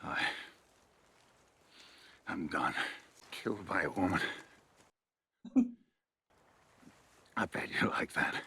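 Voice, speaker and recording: A harsh, scornful warrior, low-pitched and forceful, his voice swinging widely between growls and sudden outbursts. He spits his words with bitter contempt, a hardened fighter through and through, heard in a TV drama with music underneath. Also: lively intonation, slow, creaky, pauses often, breathy edge, full character voice. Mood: taunting. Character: gruff, bitter battle-hardened male warrior. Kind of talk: TV drama dialogue.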